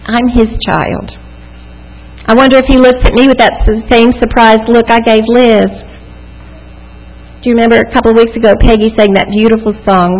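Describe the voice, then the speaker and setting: A woman's voice: a little high, little pitch movement, normal speed. Mother sharing faith lessons in a hall. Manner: warm storytelling with scripture readings. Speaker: church speaker. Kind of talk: devotional talk. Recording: echoey hall.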